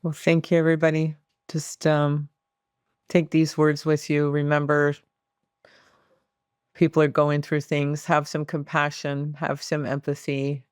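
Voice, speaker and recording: A man hosting a podcast, giving steady, encouraging closing words to listeners. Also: on the high side, unhurried, clear, resonant tone, no echo, clean studio sound. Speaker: podcast host. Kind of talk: casual podcast talk.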